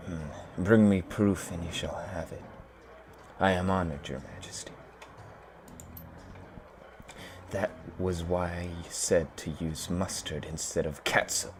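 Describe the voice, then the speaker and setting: A man voicing a male troll mystic who mumbles quietly to unseen beings, read aloud from a game. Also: deep voice, fairly even intonation, measured pace. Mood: distracted mumbling. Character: muttering male troll mystic, half in another world.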